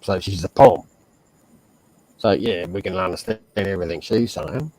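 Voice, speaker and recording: A man's voice: sits low, normal speed, darkish tone, no room sound, rough recording. A man with an Australian accent chatting casually on a stream, telling stories in a blunt, profane way. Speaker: stream host. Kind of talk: casual chat.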